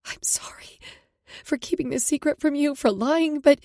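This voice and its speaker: A woman voicing a tearful young woman confessing to her mother, speaking haltingly. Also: high-pitched, dark tone, no room sound, clean studio sound, pitched above the performer's own voice. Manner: emotional, halting.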